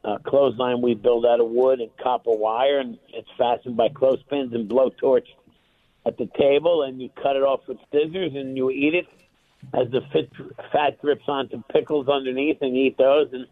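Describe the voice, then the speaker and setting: A man calling in as a chef guest, plainspoken and relaxed as he explains. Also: mid-range voice, moderate pace, no echo. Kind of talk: phone interview. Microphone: phone. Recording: tinny phone line.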